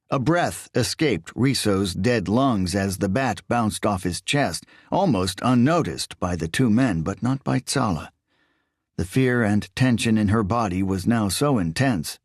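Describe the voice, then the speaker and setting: A man reading a thriller audiobook in measured, expressive scripted narration. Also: on the low side, dry recording, clean studio sound.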